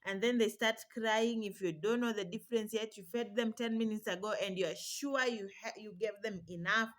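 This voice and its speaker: A woman's voice: medium pitch, steady tone, normal speed, a bit bright. A young woman vlogging casual advice to mothers, chatty and reassuring, now and then imitating baby cries. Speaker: parenting vlogger.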